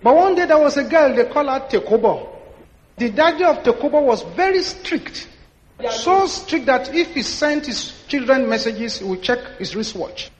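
A Nigerian man in his sixties, a pastor telling stories in an animated sermon and acting out the dialogue. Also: extremely high pitch, moderate pace. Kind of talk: sermon storytelling. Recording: echoey hall, dull lo-fi sound.

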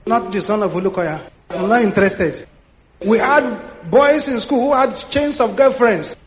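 A Nigerian man in his sixties, a pastor telling stories in an animated sermon and acting out the dialogue. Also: high voice. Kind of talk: sermon storytelling. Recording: echoey hall, dull lo-fi sound.

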